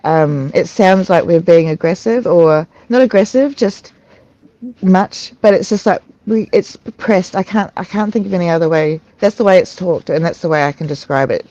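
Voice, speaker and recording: Adult at a recovery meeting, halting candid talk, restarts and fillers, dry close sound, dull lo-fi call audio. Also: mid-range voice, dark tone, no room sound. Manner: laughs while recounting. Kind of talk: candid personal sharing. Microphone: online video call.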